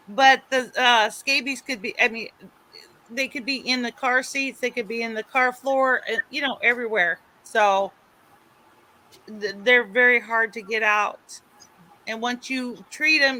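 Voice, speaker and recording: A woman in casual chat, explaining things in a steady, matter-of-fact way. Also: a little high, poor audio.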